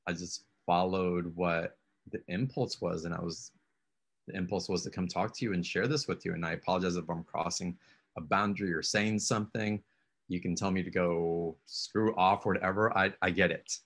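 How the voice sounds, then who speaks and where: A man's voice: deep voice, fairly even intonation, a little fast, fairly bright tone, breathy edge. A man hosting a casual conversation, encouraging his guest and coaxing her with questions. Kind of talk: casual spiritual coaching chat.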